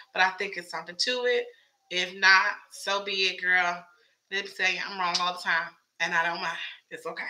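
A woman's voice: fairly low pitch, sharp tone, low-quality recording. A woman chatting casually as a fan commentator, wondering aloud with lots of questions, her voice a bit strained. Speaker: show commentator.

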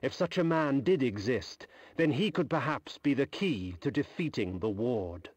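A man voicing a grim, proud vampire antihero who narrates the game in a solemn, dark tone. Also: medium pitch, lively intonation, measured pace, slightly rough, dry recording.

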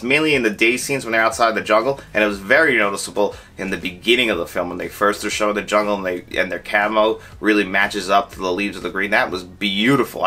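A young adult man talks through a film review in a casual, chatty way. His voice has a bright, forceful edge. He gets animated and acts out his own reactions as he goes. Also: medium pitch.

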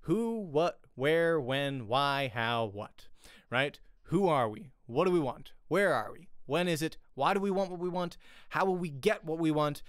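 A man giving a casual online acting lesson in a smooth, resonant voice. He talks loosely, full of fillers and restarts. The sound is close and dry, with no room around it. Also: fairly high pitch, expressive, unhurried, dry recording. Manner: rambling, filler-heavy, with repeated restarts. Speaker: voice acting teacher.

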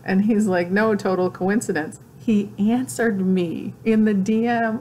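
A woman's voice: fairly high pitch, normal speed, hardly any pauses, a little hiss or hum. Tearful, gushing woman vlogger. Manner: gushing, excited, breathless exclamations. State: tearful, crying. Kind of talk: emotional casual vlog.

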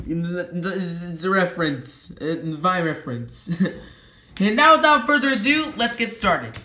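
Lively, bright-voiced man in an echoey room. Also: sits high. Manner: playful and jokey, self-correcting with quick apologies. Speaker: YouTube logo history host. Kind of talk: casual explanatory commentary.

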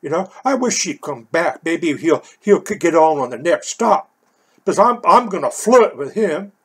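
Man doing a sulky, teasing girlfriend in a husky voice. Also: fairly high pitch, lively intonation, normal speed, a bit bright. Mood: huffy teasing. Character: annoyed young woman scolding her boyfriend.

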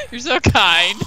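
Chill young woman w/ wyoming accent, giggly, super bouncy voice, bright tone. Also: high-pitched, slight background noise, rough recording. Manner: laid-back, giggly, sing-song exclamations. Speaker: friend on the call. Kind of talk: casual gaming chat over a voice call.

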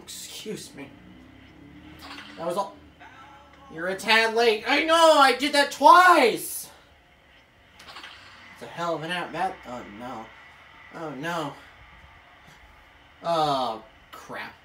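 A woman commentating her own video game play, excitable, swearing and yelling at the screen. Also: on the low side, slow, long pauses. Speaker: gaming video creator. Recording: echoey room, off-mic, faint hiss.

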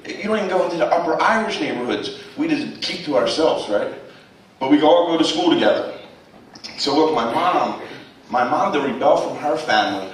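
A man's voice: on the high side, slight background noise. A man, telling blunt, profane stories to students with laughs along the way. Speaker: guest speaker. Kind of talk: storytelling talk to students. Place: college lecture hall. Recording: echoey hall, distant mic.

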